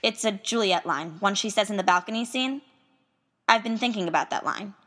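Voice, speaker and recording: Young woman, student, scripted letter narration, earnest and wistful, tense bright tone. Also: medium pitch, fairly quick.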